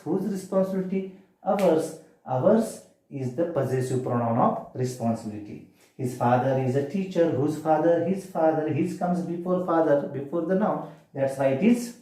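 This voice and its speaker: A man's voice: a little high, dark tone. A man teaching a grammar lesson, asking questions and answering them himself. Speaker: English teacher. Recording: very echoey room.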